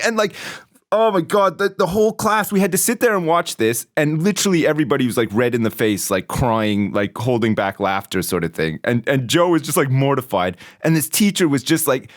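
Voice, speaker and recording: A British man chatting on a podcast, his pitch swinging widely as he tells stories and mimics people in a squeaky voice. The sound is dry and close, with no room around him. He swears freely and keeps a loose, laughing tone. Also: brisk, dry recording. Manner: swears a lot, animated, acts out quotes in a high voice. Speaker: podcast co-host. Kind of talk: casual storytelling chat.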